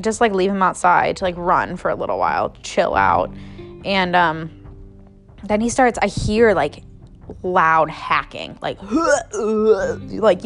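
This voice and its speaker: A woman's voice: lowish voice, fairly bright tone. A young adult woman casually telling a story on a podcast, filling her talk with "like" and swearing freely. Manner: chatty, heavy use of "like", swears freely.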